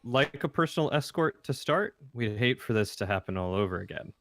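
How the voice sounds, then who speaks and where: A man's voice: mid-range voice, lively intonation, brisk, fairly bright tone, slight background noise. A man taking part as a player in a tabletop game, talking in an easygoing, offhand way.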